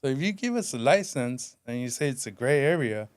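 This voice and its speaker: A man in his forties, a podcast guest, telling his story candidly in plain street-style talk and going quiet on the heavy parts. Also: medium pitch, animated, fairly quick, clear, resonant tone, no echo, studio quality. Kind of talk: emotional storytelling.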